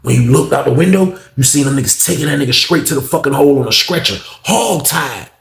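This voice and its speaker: Animated cursing storyteller, man, slightly high voice, echoey room. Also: quick pace, vocal fry. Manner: animated, profane, repeats lines for effect. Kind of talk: casual storytelling to camera.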